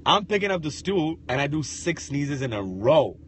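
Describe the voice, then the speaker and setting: A man's voice: fairly high pitch, very animated, moderate pace, fairly bright tone, slight background noise. A man co-hosting a casual podcast chat, telling stories in slang with lots of swearing and quoting people. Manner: slangy, profane storytelling, quotes others. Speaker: podcast co-host.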